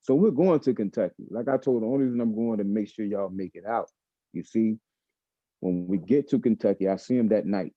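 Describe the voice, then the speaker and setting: American man, lowish voice, emphatic storyteller, repeats himself, dull dry lo-fi recording. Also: brisk, mellow, no room sound. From United States. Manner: emphatic, repeats phrases, acts out quoted dialogue. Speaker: guest. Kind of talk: animated first-person storytelling.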